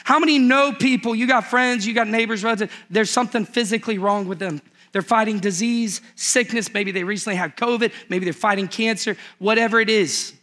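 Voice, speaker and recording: A man's voice: high-pitched, a little fast, fairly bright tone. A male pastor preaching a sermon in church, telling a story with humor and acting out its characters.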